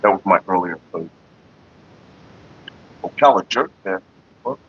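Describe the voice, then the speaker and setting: A man hosting a casual home livestream, telling a profane story to his viewers in an animated way and slipping into quoted voices. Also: low voice, a little slow, breathy edge, highs cut off. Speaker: livestream host.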